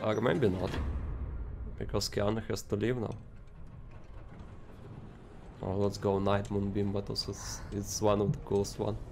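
Excitable man reacting to anime. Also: lowish voice, vocal fry, faint music behind. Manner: excitable, emotional, talks to viewers; halting, repeats words, non-native phrasing. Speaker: anime reaction video host. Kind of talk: casual reaction commentary.

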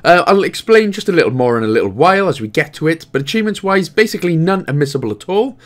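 A Welsh man hosts a game walkthrough, explaining the controls in a casual chat full of jokey asides. He talks fast, with a fairly high pitch and lively intonation.

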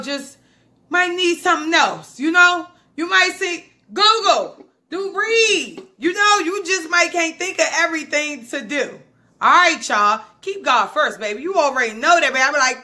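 A woman vlogger giving an energetic motivational talk, swearing freely, laughing often and calling listeners baby and boo. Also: very high voice.

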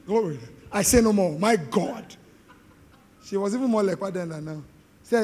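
A middle-aged man with a Nigerian accent, preaching an animated, joking sermon to a live congregation. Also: sits high, normal speed. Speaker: pastor. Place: large hall with live congregation. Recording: long hall reverb.

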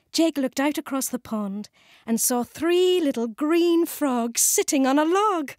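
A British woman narrating a children's storybook, warm and clearly enunciated. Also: sits high, lively intonation, no room sound, studio quality. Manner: warm, slow, clearly enunciated, sing-song. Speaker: audiobook narrator.

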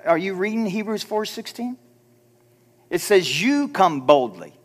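Animated high-voiced male preacher. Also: unhurried. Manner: animated preaching, acts out timid prayers in a hushed voice. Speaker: pastor. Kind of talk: sermon. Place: church sanctuary.

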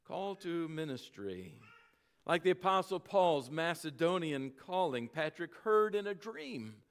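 A male pastor preaching a sermon, telling a story with dramatic slowing and volume that sinks at phrase ends. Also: medium pitch.

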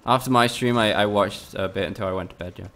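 Casual live-stream commentary comes from a young man from Spain who talks with viewers during a game, swearing freely. His lowish voice has a fairly bright tone and a quick pace.

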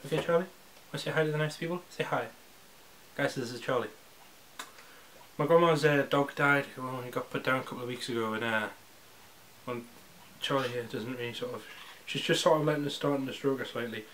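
A teenage boy chats casually on a vlog at home, rambling, interrupting himself, restarting, and making jokey asides. His mid-range voice is brisk and fairly bright, with a little hiss or hum.

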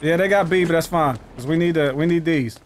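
A man streaming a game with loud, profane trash talk and sudden shouts. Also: a little high, fairly quick, crowd noise. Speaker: gaming streamer. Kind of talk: live gameplay commentary.

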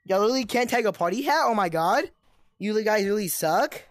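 A woman's voice: mid-range voice, animated, a little fast, no echo, studio quality, natural voice. A woman playing a cocky, trash-talking young online gamer who keeps taunting other players. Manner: taunting, bragging, repetitive insults. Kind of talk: gameplay role-play impression.

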